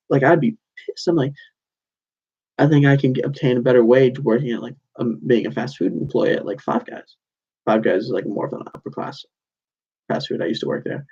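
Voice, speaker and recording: A man's voice: mid-range voice, creaky, dark tone, husky, lo-fi sound. A young man in his twenties hosting a casual solo podcast, rambling through stories with lots of "like"s and self-corrections. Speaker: podcast host.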